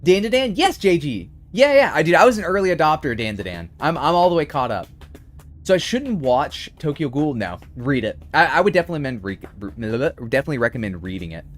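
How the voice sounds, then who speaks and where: A man's voice: a little high, fast talker, soft background music. A man streaming a game while casually chatting and answering viewers' messages. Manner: chatty, reads and answers chat, animated. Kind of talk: casual live-stream chat.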